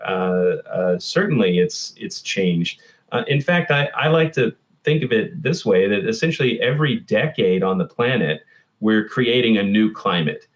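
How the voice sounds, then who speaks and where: A man's voice: fairly low pitch, dull audio. A man answering interview questions about the climate, thoughtful and hesitant with many fillers. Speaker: climate scientist guest. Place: Texas.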